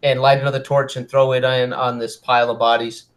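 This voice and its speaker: A man's voice: mid-range voice, flat delivery, a little fast. A man describing his character's actions at a tabletop game, stopping now and then to find words. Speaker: player. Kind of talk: tabletop role-play.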